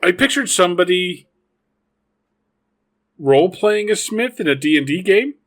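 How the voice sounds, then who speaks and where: A man's voice: high-pitched, expressive, moderate pace, a bit bright. A man with a Canadian accent hosting a movie podcast, chatting casually and joking, acting out little scenes and laughing often. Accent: Canadian English. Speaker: podcast host. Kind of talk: casual chat about a movie.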